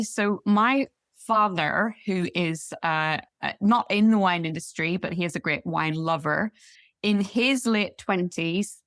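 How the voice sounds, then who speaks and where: Northern irish lady talking wine, friendly, bit lower voice, dry sound. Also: fairly bright tone, no echo. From Northern Ireland. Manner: articulate, friendly, measured storytelling. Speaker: guest, wine expert. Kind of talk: interview conversation.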